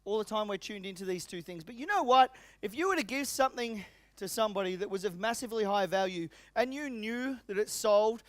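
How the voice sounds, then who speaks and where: A middle-aged male business coach works the room with energetic, emphatic talk, firing questions straight at the audience. His voice sits high for a man and comes through dry and close, with no room echo. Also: fairly quick. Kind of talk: motivational seminar talk. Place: seminar venue.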